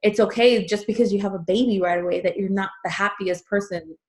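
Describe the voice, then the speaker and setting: A woman hosting an interview, talking softly and conversationally, with many "like"s. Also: mid-range voice, steady tone, fairly quick. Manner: soft-spoken, frequent "like". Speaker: host.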